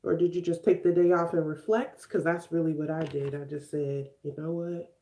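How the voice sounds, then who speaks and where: A woman's voice: low voice, steady tone, a little fast, noisy background. A young woman in her twenties from Chicago, chatting casually with viewers and answering comments while doing her makeup. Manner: chatty, laughs often, reads and answers comments. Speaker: vlogger live streaming to viewers.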